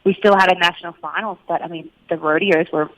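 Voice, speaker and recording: A woman's voice: on the low side, steady tone, fast, a bit bright, rough recording. A woman from Australia with a slightly Americanized Australian accent, chatting casually as an interview guest and laughing often. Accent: Australian, partly Americanized. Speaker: country singer guest.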